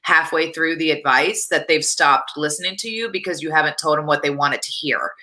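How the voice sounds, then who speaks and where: A woman with a lowish but bright voice gives blunt, honest opinions. She rambles, filling her speech with "like" and "you know", in a casual video interview. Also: a little fast, rough recording. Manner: frank, rambling, many fillers like "like" and "you know". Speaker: guest, wrestler.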